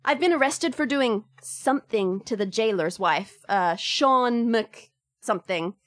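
A woman's voice: on the high side, lively intonation, measured pace, a bit bright. A woman voicing a young Irish woman jailed as a witch, wry and a little grim, in a tabletop game.

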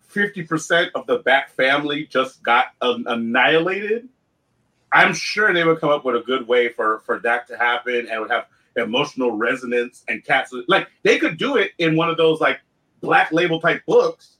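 Animated, bright-voiced man chatting. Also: normal speed, low-quality recording. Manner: animated, laughing, quotes himself in a higher voice. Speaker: co-host. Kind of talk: casual podcast chat.

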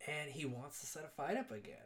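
A man's voice: a little high, fast talker, a little hiss or hum. A man casually recapping a movie with a co-host, swearing a lot and acting out the characters' lines. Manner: excitable, profane, acts out quotes. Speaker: podcast co-host.

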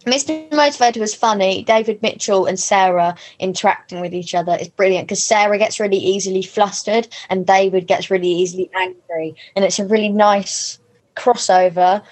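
A woman's voice: medium pitch, fairly even intonation, a little mellow. A woman co-hosting a casual podcast, joking and teasing as she chats about TV. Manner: teasing, quick to joke. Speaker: podcast co-host.

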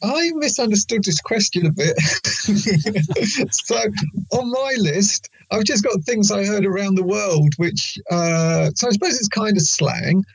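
A man with a high, gravelly, husky voice rambles hesitantly through anecdotes, filling his pauses with ums. The sound is dry and close. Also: animated, low-quality recording. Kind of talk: casual chat.

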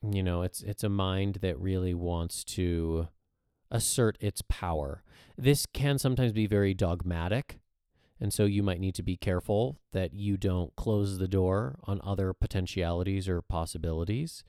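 A man's voice: low-pitched, moderate pace, dark tone, clean tone, no room sound, clean studio sound. A man co-hosting a casual podcast, playful and teasing, who explains things at length. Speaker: podcast co-host. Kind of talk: casual chat about astrology.

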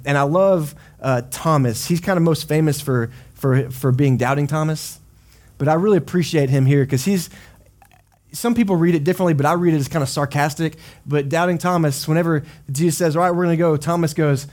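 A man preaching a sermon as pastor, telling the story in a conversational, animated way and voicing dramatic quotes. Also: fairly high pitch, fairly quick. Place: church service.

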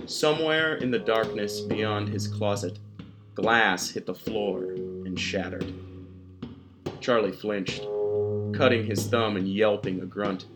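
Slow, low-voiced male horror narrator. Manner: slow, measured storytelling. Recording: loud guitar music behind the voice. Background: loud plucked guitar music.

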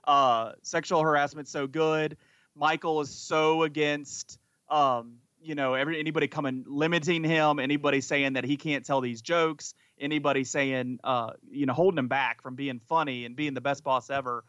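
Bright-voiced man chatting enthusiastically. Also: fairly high pitch, steady tone, normal speed, clean tone, no room sound, lo-fi sound. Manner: enthusiastic, rambling with restarts. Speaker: podcast co-host. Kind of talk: casual chat.

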